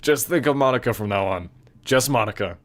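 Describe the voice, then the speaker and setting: A man's voice: medium pitch, expressive, a little fast, natural voice. A man doing a cold controlling schoolgirl. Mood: insistent.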